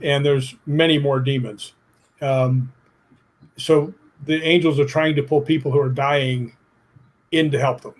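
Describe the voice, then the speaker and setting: As an interview guest, a middle-aged man shares stories with plainspoken emphasis and casual swearing, animatedly performing other people's words. He speaks a little slowly, in a mid-range voice.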